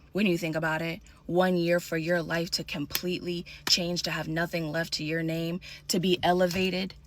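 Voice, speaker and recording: A woman's voice: fairly low pitch, a bit bright. A woman giving an earnest, emphatic personal faith testimony in a conversational, preaching way.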